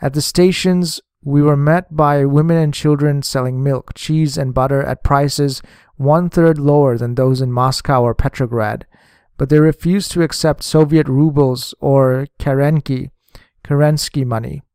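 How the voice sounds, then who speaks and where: A man narrating a first-person diary audiobook in a measured, even reading. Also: on the high side, smooth, dry recording, clean studio sound.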